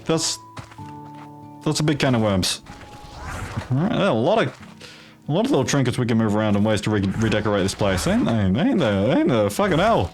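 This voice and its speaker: A man's voice: mid-range voice, big pitch swings, a little fast, long pauses, faint music behind. Rambling man in a put-on Australian accent. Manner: rambling, profane, jokey asides. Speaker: gaming video host. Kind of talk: casual gameplay commentary.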